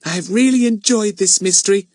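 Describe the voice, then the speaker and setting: A man's voice: sits high, normal speed, a little mellow, no echo, studio quality, pitched above the performer's own voice, close to an everyday voice. A man voicing an anxious, earnest little schoolgirl in a storybook reading, eager and breathless.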